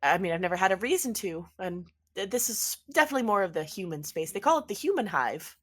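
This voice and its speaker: A woman's voice: mid-range voice, animated, fast, husky. A woman voicing a fussy, unsure male angel in a tabletop game, hesitant and rambling. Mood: flustered.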